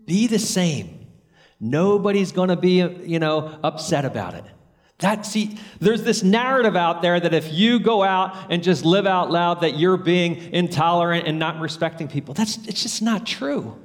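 Earnest male preacher in a reverberant hall. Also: moderate pace. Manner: earnest, storytelling, rising to high emphatic peaks. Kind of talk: sermon.

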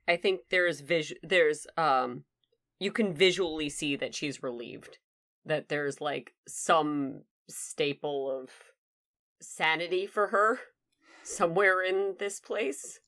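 A woman player in a tabletop game, wry and soft-spoken as she describes her character. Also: deep voice, slow.

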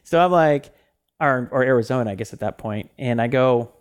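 A man's voice: medium pitch, brisk, clear, resonant tone. Rambling male podcast co-host. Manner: rambling, full of fillers and restarts. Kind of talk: casual chat.

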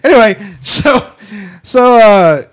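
Animated, high-voiced male podcast host. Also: takes it slowly, clear, resonant tone. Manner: profane, animated storyteller. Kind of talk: casual chat, storytelling.

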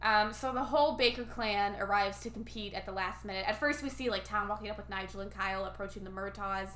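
Bright-voiced chatty woman. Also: medium pitch, quick pace, reverberant. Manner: animated, filler-heavy, acts out quotes. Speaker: podcast co-host recapping a film. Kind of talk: casual chat.

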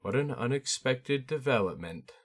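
A man doing a flat, guarded young noblewoman. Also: medium pitch, normal speed, pitched above the performer's own voice, lightly acted. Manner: flat, guarded, quietly sarcastic. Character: reserved young noblewoman, homesick and dry.

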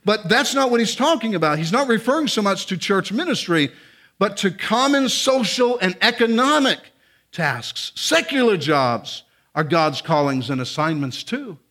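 Male guest preacher, high-pitched, earnest and conversational sermon delivery that swells into emphatic exhortation. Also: a bit bright. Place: church sanctuary.

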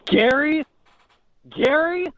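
A man's voice: extremely high pitch, animated, slow, a bit bright, dry recording, dull audio, exaggerated voice. A man playing a hotheaded young caller who rants at his stepdad in frantic, whiny bursts on a call-in comedy bit. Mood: angry. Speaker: prank caller.

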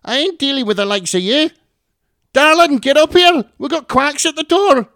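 A man plays a grating, yapping Scottish mother in a storybook reading. Her voice is pitched far above his own and comes out loud and snappish. The sound is dry and close. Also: animated, normal speed, no echo. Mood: snapping. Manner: shrill and snappish.

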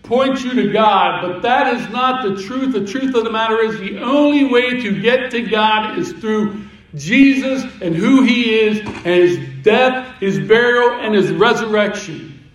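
A man's voice: high-pitched, a little slow. A man preaching a sermon as pastor, in a conversational way with repetitions and asides. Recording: echoey room, voice from a distance.

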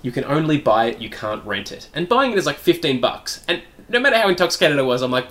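Lively, rambling male podcast host. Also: a little high, quick pace. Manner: rambling storyteller, laughs, swears freely. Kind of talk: casual comedic chat.

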